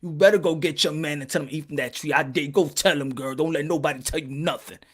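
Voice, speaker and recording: A man's voice: on the high side, fast, fairly bright tone, voice pushed down. A man putting on the voice of a sly male snake, coaxing in casual street slang.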